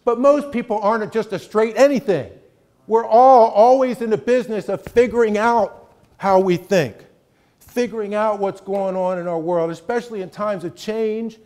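Middle-aged male guest lecturer, slightly high voice, emphatic and chatty, keeps asking "right?". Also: normal speed, a little mellow. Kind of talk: conversational college lecture.

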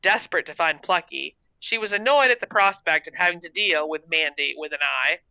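An author reading their own short story aloud in a steady storytelling manner. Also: medium pitch, fairly quick, dry recording. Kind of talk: storybook narration.

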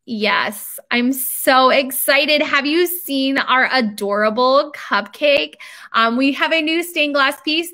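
A chatty woman hosts a casual live stream, speaking straight to her viewers in a high, lifted voice. Her tone is bright and crisp, and her talk is informal and upbeat, full of fillers and quick asides. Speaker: bakery owner hosting a live stream. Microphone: computer camera mic.

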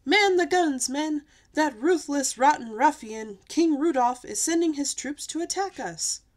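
A panicky male captain of the guard from a children's storybook, excitable and jumpy, played by a woman, yelling orders in a high, frantic voice. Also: slow pace, full character voice. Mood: alarmed. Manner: loud, frantic shouting.

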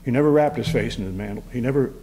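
A man's voice: mid-range voice, very fast, warm tone, a little hiss or hum, poor audio. A man with a Midwestern American accent preaching a sermon as pastor, emotional and rising to fervent emphasis.

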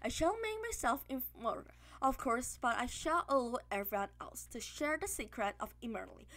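A woman voicing a grandiose, mad and very rich man who is a villain, speaking in calm, self-assured speeches. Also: fairly high pitch, fairly quick. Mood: persuasive.

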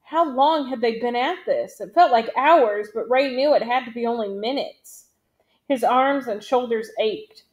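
A woman reading a novel aloud in a steady, measured storytelling manner. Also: on the high side. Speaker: audiobook reader.

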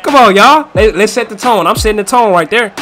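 A man giving live commentary over his own football video game match, excitable and repeating hype phrases over and over. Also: high-pitched, brisk. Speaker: gaming YouTuber.

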